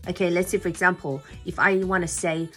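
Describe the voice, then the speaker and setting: A young woman from Nagaland, India, speaking with an Indian English accent, whose first language is Lotha, chatting to camera in an animated, jokey way as a vlogger. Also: lowish voice, a little fast, faint music behind. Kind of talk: casual chat to camera.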